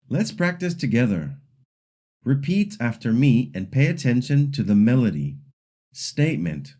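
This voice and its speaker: A man narrating a scripted pronunciation lesson as the teacher, deliberately modeling example sentences for learners to repeat. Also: medium pitch, very animated, dark tone. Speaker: language teacher.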